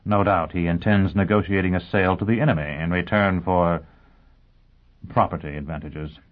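A man reading a calm gracious official, tinny. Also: low-pitched, lightly acted. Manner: measured, composed. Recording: tinny phone-like audio.

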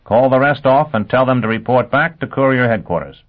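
A man voicing a cold, amused, ruthless spymaster who speaks in a smug, crisp way. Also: medium pitch, fairly quick, voice pushed up, lightly acted. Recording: tinny phone-like sound.

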